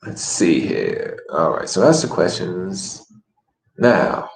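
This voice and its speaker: A deep-voiced man gives an online language lesson. He coaches his students earnestly and keeps encouraging them. His voice rings around an echoey room. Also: huge pitch swings, takes it slowly, creaky. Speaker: language teacher.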